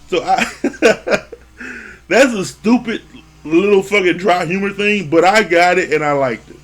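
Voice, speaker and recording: A man's voice: high voice, unhurried, fairly bright tone. A man giving a casual, profane review of a reality show, laughing often and acting out what the people on it said. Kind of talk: casual commentary.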